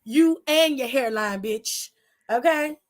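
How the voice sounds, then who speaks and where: A woman's voice: sits high, takes it slowly. A woman co-hosting a casual wrestling aftershow, sassy and profane, firing off teasing rhetorical questions. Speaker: co-host.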